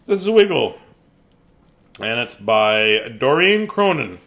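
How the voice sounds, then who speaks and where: A middle-aged man reads a children's bedtime story in a goofy, chatty way. His voice sits a little high and leaps around in pitch. He breaks into sing-song noises and silly asides. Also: sing-song, unhurried, fairly bright tone. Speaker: storybook reader. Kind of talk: playful bedtime story reading.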